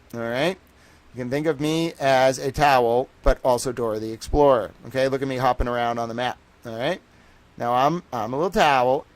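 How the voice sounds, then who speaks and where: Young male streamer, excitable and jokey, mid pitch, dry close mic. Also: dry recording. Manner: profane, joking, excitable, laughs often. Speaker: livestream host. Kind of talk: rambling livestream monologue.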